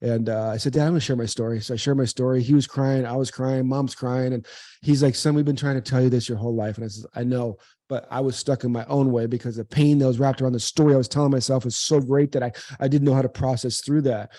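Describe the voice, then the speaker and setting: A fast-talking man with a mellow, mid-range voice and fairly even intonation tells an interviewer a personal story in earnest. The guest is an American in his forties, once a pro baseball player and now a speaker, who repeats words and acts out dialogue he quotes. It's a dry recording.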